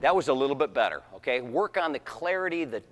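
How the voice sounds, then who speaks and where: A man's voice: mid-range voice, lively intonation, fast, a bit bright, faint music behind. A man conducting a wind band rehearsal, counting off and singing rhythms aloud. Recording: echoey hall.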